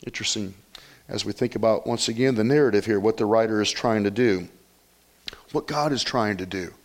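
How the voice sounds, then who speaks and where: A man's voice: fairly low pitch, brisk. Man preaching an earnest sermon. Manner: earnest preaching, rising to animated scripture reading and storytelling. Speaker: pastor.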